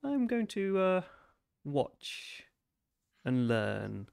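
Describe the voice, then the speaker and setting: Gravelly man narrating a game. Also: on the high side, wildly swooping pitch, darkish tone, no echo, studio quality. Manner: descriptive, halting with restarts. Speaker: game master.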